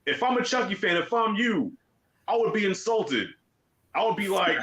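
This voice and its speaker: A man's voice: high-pitched, animated, moderate pace, fairly bright tone, low-quality recording. A man hosting a casual film chat, blunt and emphatic with his strong opinions. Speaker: show host.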